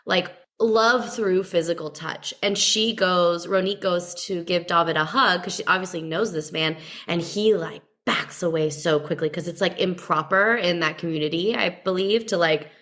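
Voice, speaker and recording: A woman's voice: lowish voice, normal speed, few pauses, fairly bright tone. A young woman co-hosting a podcast in casual chat, talking with lots of "like" fillers. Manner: chatty, many "like" fillers. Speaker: podcast co-host.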